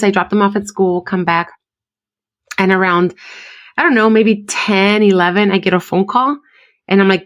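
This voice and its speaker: A woman's voice: medium pitch, fairly even intonation, fairly quick. Heartfelt woman co-host, bilingual chat. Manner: heartfelt, switches between English and Spanish. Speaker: podcast co-host. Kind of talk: casual chat.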